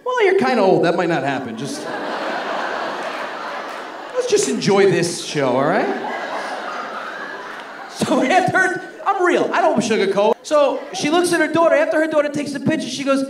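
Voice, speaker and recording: A male stand-up comedian performing a mocking, animated set in a comedy club. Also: very high-pitched, a little fast, few pauses. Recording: echoey live club with audience noise.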